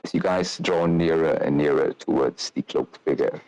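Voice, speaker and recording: A man's voice: very deep voice, normal speed, a little mellow, rough recording. A man narrating as game master of a tabletop game, describing scenes in a rambling way with many fillers.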